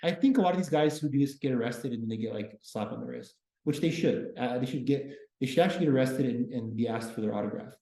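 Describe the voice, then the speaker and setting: A man giving a casual classroom history lecture as a university lecturer, breaking it up with deadpan joking asides. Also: medium pitch, quick pace, vocal fry, few pauses. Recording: roomy classroom echo.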